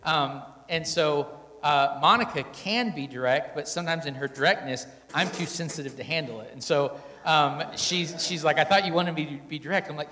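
A man's voice: fairly high pitch, moderate pace, sharp tone. Candid man in an echoey hall. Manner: candid, self-deprecating, quotes himself and his wife. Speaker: husband on stage in a couples talk. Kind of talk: storytelling talk to an audience.

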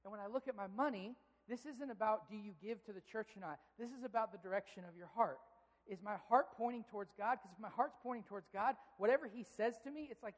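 A pastor preaching a sermon in an animated way, acting out inner voices. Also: mid-range voice, fast talker, in a large hall.

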